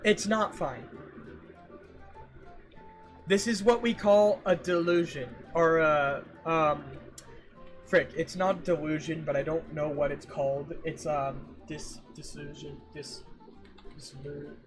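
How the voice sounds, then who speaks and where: High-voiced man ranting animatedly. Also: slow, pauses often, music in the background. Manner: animated, exasperated ranting with repeated phrases. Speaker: streamer. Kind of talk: casual livestream chat with viewers.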